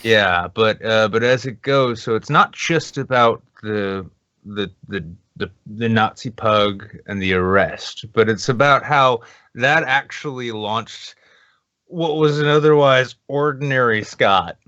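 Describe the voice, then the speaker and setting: A man's voice: medium pitch, unhurried, sharp tone, no echo, dull audio. A man co-hosting a podcast in casual chat, telling stories in a rambling, profane way with comic voices. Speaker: podcast co-host.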